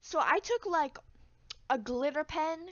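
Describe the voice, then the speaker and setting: A woman's voice: high-pitched, expressive, a little slow, fairly bright tone, no room sound, muffled recording. A woman telling a story in a rambling, casual way, with crude jokes. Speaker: vlogger. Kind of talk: storytime vlog.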